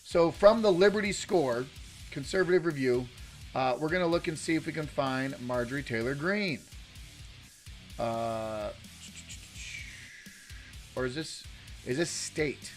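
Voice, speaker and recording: A man's voice: on the high side, measured pace, long pauses, soft background music. Chatty man hosting a live stream. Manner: rambling, lots of fillers and restarts, chatty with viewers. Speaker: political livestream host. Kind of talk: casual live-stream commentary.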